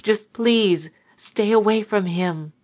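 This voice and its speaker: A woman reading aloud, voicing a gentle, kind husband who pleads softly, on a dull lo-fi recording. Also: mid-range voice, slow, lightly acted. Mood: pleading softly. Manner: soft, pleading.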